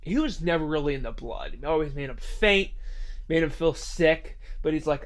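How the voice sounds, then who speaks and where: A man's voice: a little high, moderate pace. A man telling a scary story in a casual, rambling way, full of fillers. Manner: rambling, filler-heavy retelling.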